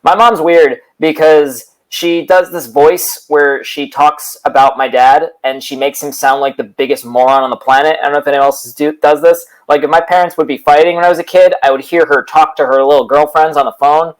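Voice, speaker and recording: A man's voice: a little high, steady tone, fairly quick, hardly any pauses, rough recording. A man doing a rambling stand-up bit on a comedy show, full of fillers and asides. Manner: rambling, filler-heavy storytelling.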